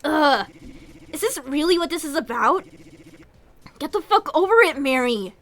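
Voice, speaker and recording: A woman reading game dialogue aloud, voicing an angry, foul-mouthed young man who talks loud and scornful. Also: sits high, expressive, normal speed.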